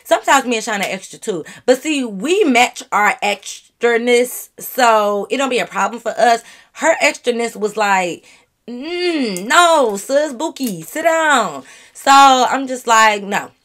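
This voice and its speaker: A woman vlogger telling a story straight to her viewers in an animated, profane, casual way. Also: a little high, unhurried.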